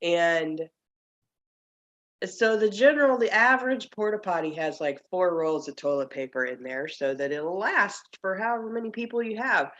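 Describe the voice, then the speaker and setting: A woman's voice: on the low side, moderate pace, a bit bright, lo-fi sound. A woman in a casual video-call chat, telling a self-mocking story and laughing as she talks. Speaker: group member.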